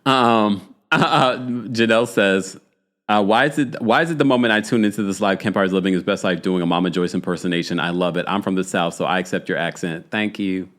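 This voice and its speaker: This reality TV recap livestream host has a low-pitched, brisk voice. He talks casually on the live stream, reading viewer comments aloud in a chatty, animated way, with frequent fillers and side remarks to the audience.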